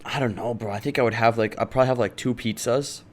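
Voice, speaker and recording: A man's voice: medium pitch, fairly even intonation, fast talker, a little hiss or hum. A young man co-hosting a podcast, chatting in a laid-back, slangy, rambling way. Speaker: podcast co-host. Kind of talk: casual chat.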